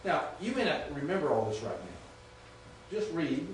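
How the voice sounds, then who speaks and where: A man's voice: fairly high pitch, sing-song, unhurried, far from the mic, a little hiss or hum. Echoey classroom lecture by a man. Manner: patient, checks understanding often. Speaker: Greek teacher. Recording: echoey room recorded from afar.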